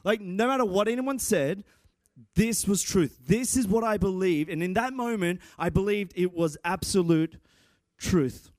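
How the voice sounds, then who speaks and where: A man's voice: high-pitched, measured pace, no echo, studio quality. A man preaching a sermon and telling a self-mocking personal story. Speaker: pastor.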